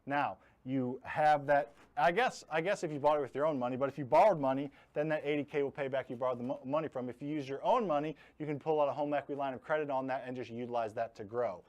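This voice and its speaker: A man's voice: mid-range voice, fast, hardly any pauses, darkish tone, highs cut off. A man hosting a live online investing class, talking bluntly and jokingly and leaning hard on his key words. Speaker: host teaching real estate investing. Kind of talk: live online training talk.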